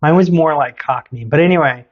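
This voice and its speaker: A man's voice: fairly high pitch, brisk, highs cut off. A man hosting a podcast, telling a story in a casual, teasing way. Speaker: podcast host.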